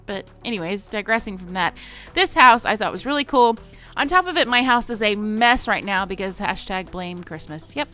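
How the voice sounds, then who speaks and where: Casting: woman, late 20s, Southern lilt, bright voice, chatty and self-deprecating vlogger, faint music bed. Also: mid-range voice, expressive, moderate pace. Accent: Southern American. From Missouri. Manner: rambling and self-mocking, lots of fillers and laughs. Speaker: gaming vlogger. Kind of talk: casual chat over gameplay.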